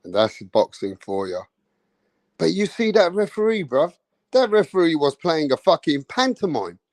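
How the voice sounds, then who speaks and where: A man's voice: a little high, big pitch swings, moderate pace, darkish tone, dry recording. A man giving an angry, mocking, profane rant about a boxing match, full of slang. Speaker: boxing commentator.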